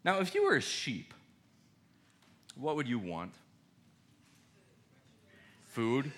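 A man preaching a sermon in a conversational, animated way, asking his listeners questions. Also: mid-range voice, slow pace. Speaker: pastor.

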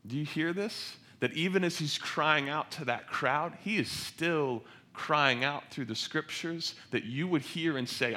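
Male pastor, bright voice, unhurried delivery, passionate sermon that swells and softens. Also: a little high. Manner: passionate, swells loud on scripture quotes then drops soft.

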